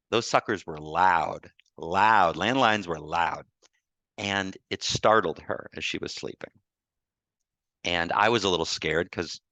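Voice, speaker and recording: A man with a very low voice tells a personal story over a video call, halting and restarting as tears come close. The sound is dry and close, with no room around it. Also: pushed and bright, no echo. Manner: emotional, halting with repeated restarts. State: tearful. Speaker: guest speaker on grief. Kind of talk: personal storytelling in a group talk.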